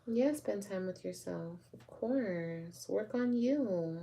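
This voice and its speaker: A woman's voice: medium pitch, lively intonation, slow pace, creaky, mellow. A woman vlogger chatting casually with her viewers and answering their comments, frank and rambling, and calling them babe and girl. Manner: rambling, with restarts.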